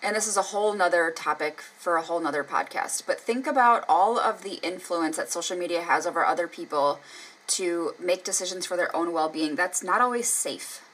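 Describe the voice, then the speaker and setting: A woman's voice: lowish voice, brisk, fairly bright tone, low-quality recording. A woman in her thirties co-hosting a podcast, chatting casually and candidly, swearing freely. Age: 30s. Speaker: podcast co-host. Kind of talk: casual chat.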